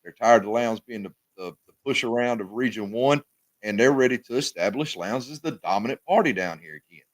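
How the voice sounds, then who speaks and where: A man co-hosting a casual sports talk show, animated and often repeating his words. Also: mid-range voice, a little fast, dry recording.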